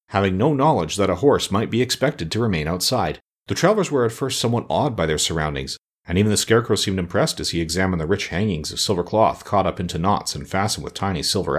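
A man reading a classic children's novel aloud as an audiobook narrator, measured and expressive. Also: fairly low pitch, slightly rough. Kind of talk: scripted storybook narration.

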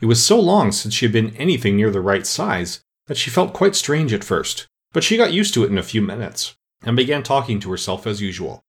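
A man narrating a children's storybook with expressive delivery. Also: fairly low pitch, brisk, husky. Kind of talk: storybook reading.

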